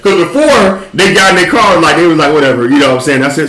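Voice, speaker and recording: A man in casual chat, telling a story in a relaxed, profane way with frequent laughs. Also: on the high side, fast, reverberant, crowd noise, low-quality recording. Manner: laid-back, profane, laughs while telling stories.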